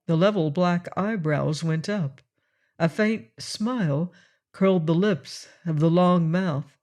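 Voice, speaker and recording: A man narrating a classic adventure novel in a measured, expressive storytelling manner. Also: on the high side. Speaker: audiobook narrator. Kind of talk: audiobook reading of a classic novel.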